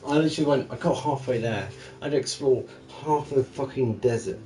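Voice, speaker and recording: A young man chatting casually and profanely about video games, rambling and animated. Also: mid-range voice, brisk, poor audio. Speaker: gaming channel streamer.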